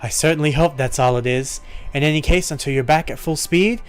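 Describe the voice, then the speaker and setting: A man voicing a stern but caring female deputy commander of mercenaries, calm and commanding. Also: on the high side, brisk, smooth, faint music behind, close to an everyday voice. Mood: firm, caring. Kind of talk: voicing game dialogue.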